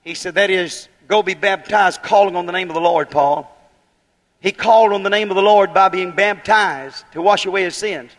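A man's voice: high voice, normal speed, a bit bright, big-room sound. A man preaching a fiery holiness sermon, building to emphatic bursts and firing rhetorical questions at the congregation.

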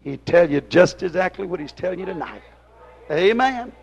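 A man preaching a fiery sermon to his congregation in folksy dialect grammar, hollering at them and then dropping to a hushed plea. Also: high voice, animated, normal speed, creaky, breathy edge.

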